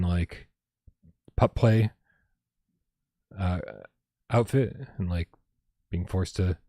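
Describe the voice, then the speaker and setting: Low-voiced, laid-back male host. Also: dark tone, no echo, clean studio sound. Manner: casual, laughs often, swears, stumbles and restarts. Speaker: podcast host. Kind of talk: casual livestream chat.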